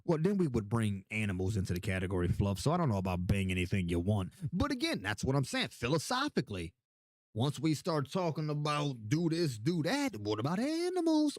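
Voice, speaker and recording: A man's voice: medium pitch, huge pitch swings, brisk, no room sound. A tipsy young man hosting a casual livestream, rambling, swearing a lot and repeating himself as he answers chat questions.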